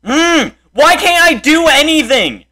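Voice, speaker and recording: A young man yelling and grumbling at a game he can't beat. His voice sits high and bright and swings wildly, from low muttering up to sudden shouts. Between the outbursts he talks at an unhurried pace. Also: sing-song. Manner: frustrated, yelling and insulting the game. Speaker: gameplay streamer. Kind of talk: raging gameplay commentary.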